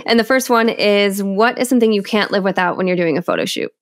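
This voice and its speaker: A woman's voice: mid-range voice, fast, no room sound, studio quality. A woman hosting a podcast interview, asking questions in a friendly, encouraging way. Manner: encouraging, frequent affirmations. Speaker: podcast host. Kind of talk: casual interview chat.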